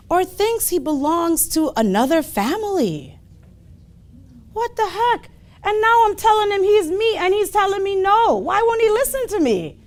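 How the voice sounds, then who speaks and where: A woman's voice: high-pitched, pitched above the performer's own voice, exaggerated voice. A woman voicing a patient, wise older male lion in a spoken story. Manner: storytelling in character.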